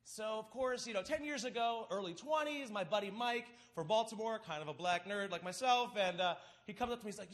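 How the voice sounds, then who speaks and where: A man's voice: high-pitched, fast. A man in his thirties telling a comedic personal story live on a theater stage into a microphone, acting out the voices of his friends. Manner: animated, acts out friends' voices. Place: large theater stage before an audience.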